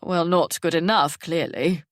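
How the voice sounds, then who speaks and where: A woman's voice: fairly low pitch, steady tone, a little slow, no echo, studio quality, close to an everyday voice. A woman reading the part of a charming, self-important middle-aged father in an audiobook, with a goofy, puffed-up manner. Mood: playful. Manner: goofy, puffed-up and pleased with himself.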